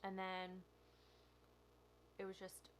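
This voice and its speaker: A woman's voice: medium pitch, monotone, slow pace, slight background noise. A young adult woman talking candidly and a bit rambling in a casual vlog. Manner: candid, meandering, soft at times. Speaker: vlogger. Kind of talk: casual confessional vlog chat.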